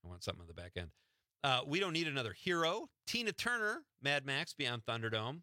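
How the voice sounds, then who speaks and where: A man's voice: medium pitch, big pitch swings, fairly quick, bright, forceful tone, no echo. A man hosting a radio show from the studio, chatting casually and teasing his co-host. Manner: joking, teasing.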